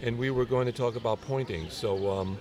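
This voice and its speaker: A man's voice: mid-range voice, fairly quick, darkish tone. A man hosting a casual chat outdoors in a garden, playful and jokey, now and then acting out little voices. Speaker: show host.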